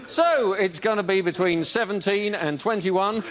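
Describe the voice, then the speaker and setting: A man, a panel show comedian, delivering spoof forecasts in a dry deadpan. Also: high voice, a little slow. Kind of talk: mock weather report gags. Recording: noisy studio.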